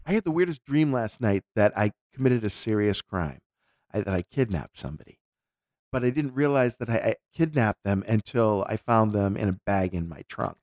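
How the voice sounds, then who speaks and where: A man's voice: lowish voice, moderate pace, no echo, clean studio sound. A man co-hosting a podcast, chatting casually and telling stories animatedly, sometimes slipping into voices. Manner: animated storyteller, drops into voices. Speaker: podcast co-host. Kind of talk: casual chat.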